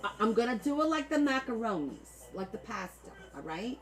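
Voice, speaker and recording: A woman's voice: on the high side, moderate pace, few pauses, poor audio. A woman with a New Jersey accent, hosting a casual livestream and joking with her viewers. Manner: animated and joking, chatting with viewers. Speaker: livestream host.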